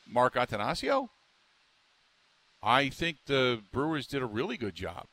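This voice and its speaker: A man's voice: mid-range voice, huge pitch swings, measured pace, pushed and bright, no room sound. A man hosting a sports talk radio show, rambling and emphatic, stumbling through restarts as he riffs on the local team.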